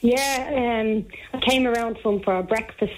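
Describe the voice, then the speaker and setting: A woman's voice: fairly high pitch, normal speed, rough recording. An Irish woman calling in to a radio show, telling her story plainly. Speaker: caller. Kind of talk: phone-in call.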